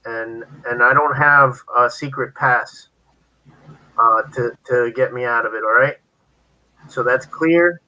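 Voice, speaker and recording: Bright-voiced man teasing in casual chat. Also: mid-range voice, takes it slowly, poor audio. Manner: joking, laughs often, teasing. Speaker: livestream co-host.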